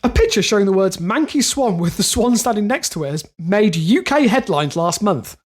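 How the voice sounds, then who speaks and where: A young man co-hosts a podcast, reading strange news stories aloud and then drifting off into jokes in a casual, comedic chat. His voice is high, very animated and a little mellow, at a normal speed.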